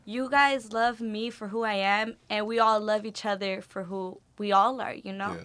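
A woman who is a student in a music program, talking in an animated, playful way with casual slang. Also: mid-range voice, moderate pace, no room sound. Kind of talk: casual group conversation.

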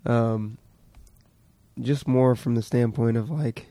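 A man hosting a podcast in a relaxed, easygoing chat with a longtime friend, cursing casually as he goes. His voice is gravelly and mellow, recorded dry and close. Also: mid-range voice, slow, no echo. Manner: relaxed, loose, swears freely. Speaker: podcast host.

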